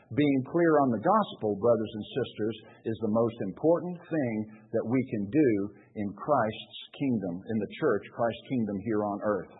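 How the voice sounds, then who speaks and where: Male preacher, husky voice, mid-pitched, quizzes his flock and answers himself; thin, phone-like recording. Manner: asks the congregation rhetorical questions and answers them. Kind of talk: sermon. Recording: tinny narrow-band recording.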